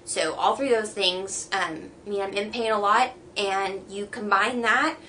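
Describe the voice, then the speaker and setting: A young woman talks casually to camera, slightly out of breath and halting, with many pauses and fillers. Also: mid-range voice, pushed and bright, a little hiss or hum. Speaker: vlogger.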